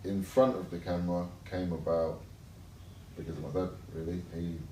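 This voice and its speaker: A man's voice: low-pitched, fairly even intonation, normal speed, mellow. A man speaking in a hesitant, laid-back way in a casual interview. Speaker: interview guest, son. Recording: echoey room, mic far off, faint noise.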